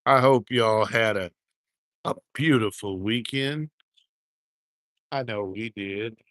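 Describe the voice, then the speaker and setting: A man's voice: fairly low pitch, slow, a bit bright, no room sound. A man hosting a casual livestream, chatting in a folksy, drawling way from a handheld camera rig. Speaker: livestream host. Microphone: handheld gimbal camera.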